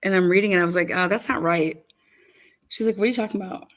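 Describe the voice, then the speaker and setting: A woman's voice: fairly low pitch, fast talker. A woman giving casual, rambling commentary over video footage, telling an incredulous story with frequent swearing.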